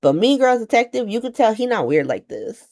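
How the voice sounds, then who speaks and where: A woman giving a casual, slangy comedic recap of a soap opera, acting out the characters in quick voices. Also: on the high side, very animated, a little mellow.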